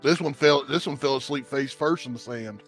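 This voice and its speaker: A man's voice: medium pitch, normal speed, a bit bright, faint music behind, lightly acted. A man voicing a teasing, crude male half-orc adventurer.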